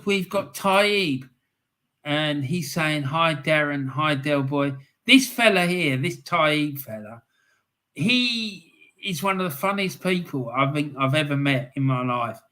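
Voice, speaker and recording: A man's voice: on the high side, lively intonation, slow, sharp tone. A man from England hosting a live fan stream, chatting casually as he reads out viewer comments, laughing often and repeating phrases for emphasis.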